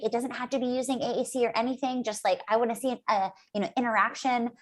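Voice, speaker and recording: A woman's voice: on the high side, steady tone, fast talker, few pauses. A woman guest on a podcast, talking in a chatty, enthusiastic way with lots of fillers and acted-out asides. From United States. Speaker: guest speech-language pathologist. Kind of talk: casual podcast interview.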